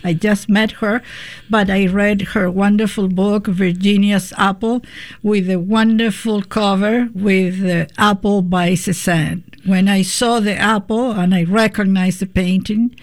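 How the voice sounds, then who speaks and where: A woman with as her hosts a public radio interview in a leisurely, drawn-out way. Her voice sits in a middle range, and she circles back over her own words as she talks. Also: medium pitch, steady tone. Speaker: radio show host.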